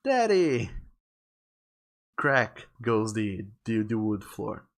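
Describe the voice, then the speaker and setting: Slow-talking man streamer reading a game. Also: fairly low pitch, fairly even intonation, fairly bright tone. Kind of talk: reading a game story aloud, live stream.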